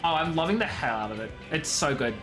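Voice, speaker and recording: A playful male streamer chatting casually with his viewers and laughing often. His voice sits fairly high and is very lively in pitch. Quiet music runs in the background. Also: quick pace. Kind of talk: casual live-stream chat.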